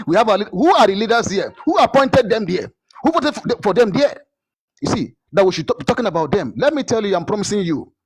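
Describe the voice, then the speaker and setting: Fiery, fast Nigerian man. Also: high-pitched, husky, low-quality recording. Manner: fiery, insistent, repeats words and stutters. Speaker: guest speaker. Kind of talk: impassioned political speech.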